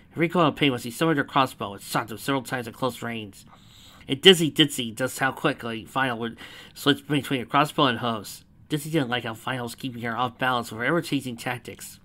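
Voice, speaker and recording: A man's voice: medium pitch, pushed and bright. A man reading a fanfiction story aloud, adding chatty asides between the narration.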